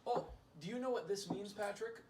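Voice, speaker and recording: A man's voice: sits high, fairly quick, heavy background noise. A man hosting a podcast and running a drinking game in casual chat. He is loose and joking and swears freely. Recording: echoey room, mic at a distance.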